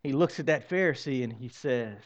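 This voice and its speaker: A man preaching a sermon as pastor, swinging from loud exclamations to hushed, drawn-out lines. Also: medium pitch, highs cut off.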